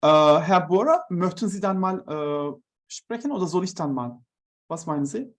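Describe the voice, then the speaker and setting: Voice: mid-range voice, lively intonation, normal speed. Hesitant speaker switching between German and English. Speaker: conference participant. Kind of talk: unscripted chat on a video call.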